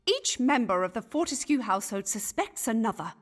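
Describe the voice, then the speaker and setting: An actress playing a fussy, gossipy Elizabethan gentlewoman who chatters in archaic phrases and is easily scandalised. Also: on the high side, very animated, brisk.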